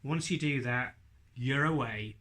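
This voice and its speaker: A man's voice: medium pitch, measured pace, a bit bright. A man teaching ventriloquism in a chatty tutorial, speaking directly to his viewers. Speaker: ventriloquism instructor. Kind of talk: friendly tutorial talk.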